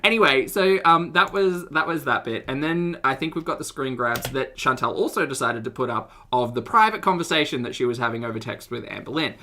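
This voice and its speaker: A woman's voice: rumbling low, lively intonation, a little fast, hardly any pauses, pushed and bright, a little hiss or hum. A young woman talking casually to her live-stream chat, giggling often and trailing off into restarts. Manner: addresses her chat directly. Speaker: streamer reacting to videos.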